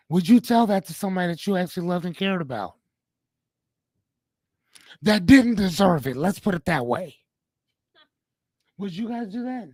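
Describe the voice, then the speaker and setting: Animated man hosting a live chat. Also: sits high, normal speed, pauses often, no echo. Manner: animated, repeats his questions. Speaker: host. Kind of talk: casual live-stream chat.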